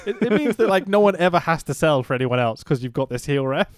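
A man's voice: fairly high pitch, expressive, fast, dry recording, clean studio sound. A man co-hosting a podcast, chatting casually, swearing and laughing often. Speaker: podcast co-host. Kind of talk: casual chat.

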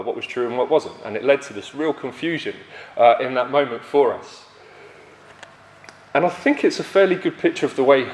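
A man's voice: medium pitch, a little hiss or hum. Young male preacher, mid-range voice, self-deprecating storyteller who stumbles and restarts, recorded in a roomy hall with long reverb. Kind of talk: sermon.

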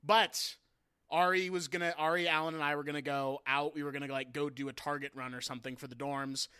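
Bright, crisp-voiced young man. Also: a little high, a little fast, no room sound, clean studio sound. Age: young adult. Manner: animated storytelling, swears, laughs. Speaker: podcast co-host. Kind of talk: casual chat.

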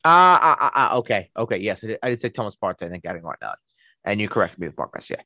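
A podcast co-host chats casually about sports in a lowish, sharp voice, very animated and rapid-fire. He rambles, restarting sentences often and using plenty of fillers, and there's no room sound.

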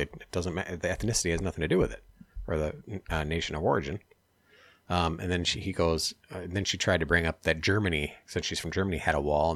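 A man with a low, deep voice recounts an argument in casual podcast chat, blunt and a little profane. He raises his voice into animated bursts whenever he quotes someone. The sound is dry and close. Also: no room sound. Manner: animated retelling, acting out quotes with raised pitch.

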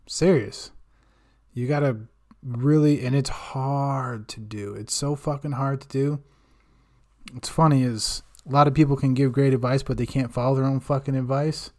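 This middle-pitched, slightly mellow man hosts a podcast with a casual, off-the-cuff monologue. Rambling and self-mocking, he curses in almost every line.

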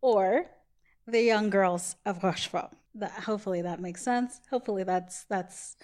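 A woman's voice: mid-range voice, moderate pace, darkish tone. A woman co-hosting a podcast, chatting casually and laughing at herself. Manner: chatty, self-deprecating, giggly. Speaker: podcast co-host. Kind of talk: casual chat.

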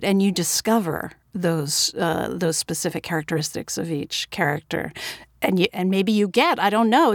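A woman's voice: mid-range voice, no echo, clean studio sound. A woman interviewer asking long, probing questions with curiosity. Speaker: interviewer, host.

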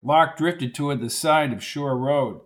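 A man, the author, narrating his own audiobook in a plain, steady storytelling manner. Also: mid-range voice, unhurried.

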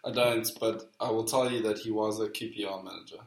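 A man's voice: lowish voice, steady tone, fairly quick. A man co-hosting a casual football podcast, playfully reading out quotes in a quiz. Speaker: podcast co-host. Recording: roomy echo.

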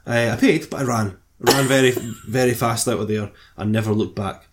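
A man's voice: mid-range voice, normal speed, background noise. A middle-aged man from Scotland with a Scottish accent, telling a story in casual, self-mocking, sweary podcast chat. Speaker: podcast co-host.

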